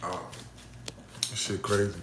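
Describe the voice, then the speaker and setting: A man's voice: deep voice, level tone, takes it slowly, roomy sound, background noise. A man, a battle rapper, chatting casually with fans in a slangy, profane, rambling way that swings between hyped and subdued. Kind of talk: casual live chat with fans.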